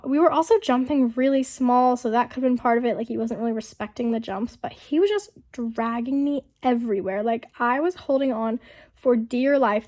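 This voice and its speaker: A young woman talks through her vlog footage in a loose, chatty voiceover, full of fillers and side remarks. Her voice sits a little high but sounds rough and sick from an illness that has not cleared up. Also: dark tone. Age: young adult. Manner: chatty, rambling, many fillers. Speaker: vlogger. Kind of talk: casual voiceover narration. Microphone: voiceover mic.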